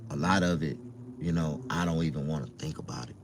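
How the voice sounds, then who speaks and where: A man's voice: very deep voice, quick pace, a little mellow, a little hiss or hum. A middle-aged man with a Southern US accent, telling his life story casually to his viewers, loose and profane with lots of fillers.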